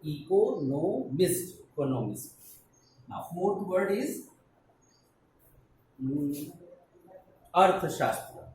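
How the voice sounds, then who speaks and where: A man with an Indian English accent teaches a class, breaking words into syllables and spelling each letter out one at a time. His voice sits a bit high and moves at an unhurried, deliberate pace. He sounds far from the mic in a very echoey room with a faint hiss behind him. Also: animated, a little mellow. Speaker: school teacher.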